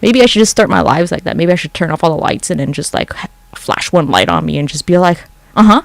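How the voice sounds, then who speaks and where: Late at night at home, a livestreamer chats into a phone, rambling, swearing freely and taking comments from chat. The voice is mid-range and fast, with lively intonation, vocal fry and no room sound.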